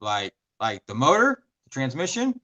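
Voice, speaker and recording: Bright, lively man joking in chat. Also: mid-range voice, dull audio. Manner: lively, joking, quick asides. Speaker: podcast co-host. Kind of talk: casual film rewatch chat.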